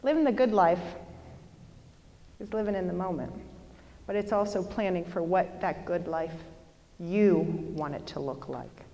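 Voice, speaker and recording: A woman leading a motivational seminar, talking in a lively, chatty way and putting questions to her audience. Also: medium pitch, big-room sound. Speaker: workshop presenter. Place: lecture hall with an audience.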